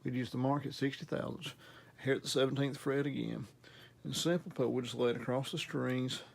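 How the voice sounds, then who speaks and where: A man's voice: mid-range voice, fairly even intonation, a little fast, vocal fry, husky. A man with a Southern US accent, host of a guitar repair channel, explaining a guitar setup in a casual, easygoing, folksy way. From Southern United States. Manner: easygoing, folksy and self-deprecating. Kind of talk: casual instructional demo.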